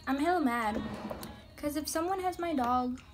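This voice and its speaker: With a high-pitched voice at normal speed, a young beauty vlogger talks candidly and wanders from topic to topic while applying makeup in a casual get-ready-with-me chat, with music in the background.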